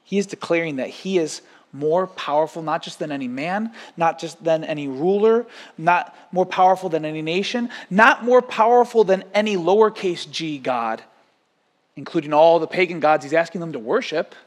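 A man preaching a sermon as pastor, lively, acting out quotes and stories. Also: a little high, moderate pace. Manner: animated, acts out quotes and stories.

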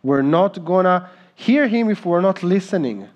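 Male pastor, 30s, slow earnest sermon, slightly high voice. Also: animated, dull audio. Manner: slow, earnest, emphatic preaching.

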